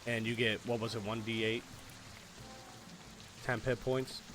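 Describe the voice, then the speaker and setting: A man's voice: medium pitch, level tone, a little slow. A man running a tabletop game as game master, narrating in a loose, casual way with lots of fillers and swearing. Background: faint fantasy music and rain.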